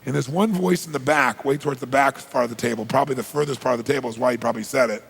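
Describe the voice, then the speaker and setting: A middle-aged man telling a story to an audience in an animated way, dropping to low asides and breaking into loud bursts. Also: very fast, vocal fry, slight background noise.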